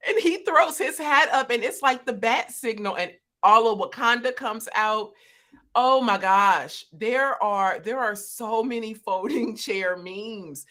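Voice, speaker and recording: A woman co-hosting a casual livestream discussion, animated and laughing often. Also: on the high side. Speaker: co-host. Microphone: video call.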